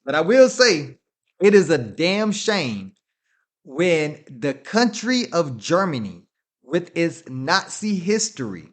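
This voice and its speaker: A man rants on his radio show in an animated, swooping voice that sits a little high. He swears freely and laughs between points in a loose, casual talk style. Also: takes it slowly. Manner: profane, laughing, animated ranting.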